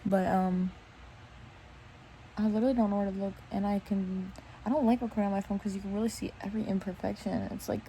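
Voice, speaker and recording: A woman's voice: medium pitch, fairly even intonation, fast talker, dark tone, a little hiss or hum, low-quality recording. A young woman chatting casually into her phone camera in bed at night, rambling and laughing at herself. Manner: rambling, self-mocking, giggly. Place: bedroom at night.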